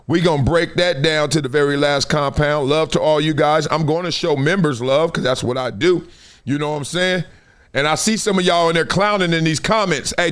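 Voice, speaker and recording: A man's voice: high voice, fairly bright tone, clear, resonant tone. A man from Compton hosting a live sports talk stream in a casual, slangy, playful way, laughing often. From Compton, California. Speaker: show host.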